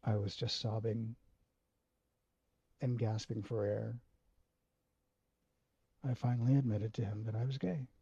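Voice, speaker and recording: A man with a husky, gravelly voice tells a personal story slowly, in halting, emotional bursts and with frequent swearing. The recording is dry and slightly dull. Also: on the low side, level tone, mellow, no echo. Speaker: video host.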